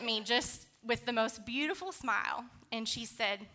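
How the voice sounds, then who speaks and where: Bright-voiced woman preaching a sermon. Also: fairly high pitch, measured pace, few pauses. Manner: candid, conversational, with fillers. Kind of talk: sermon with personal storytelling.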